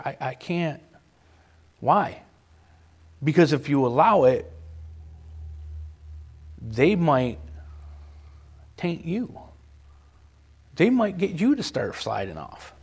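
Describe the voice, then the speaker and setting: A man preaches from the pulpit, his fairly high voice rising and falling with lively, animated swings. He hammers on key phrases by repeating them. He slips into the voices of the people he quotes. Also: slow, gravelly, pauses often, breathy edge. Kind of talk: sermon.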